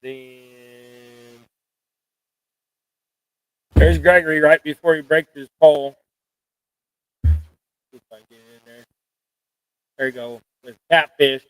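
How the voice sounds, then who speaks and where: A man's voice: a little high, steady tone, slow pace, pauses often, a bit bright, smooth, dry recording, low-quality recording. A middle-aged man hosting a fishing stream, chatting in a rambling, folksy, self-deprecating way while he ties jigs at home. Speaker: fishing channel host. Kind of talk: casual live-stream chat while tying jigs.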